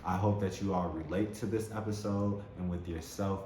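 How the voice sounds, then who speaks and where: A man's voice: low voice, steady tone, moderate pace, dark tone. A man hosting a spiritual self-help talk, speaking with enthusiasm, repeating words and laughing often. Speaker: host. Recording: roomy echo with faint background noise.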